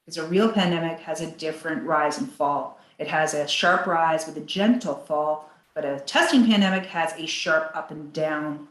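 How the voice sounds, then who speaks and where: Animated woman in an echoey room. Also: normal speed, hardly any pauses. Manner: animated, acts out quotes in a higher voice; laughs between points. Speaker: guest. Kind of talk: podcast interview.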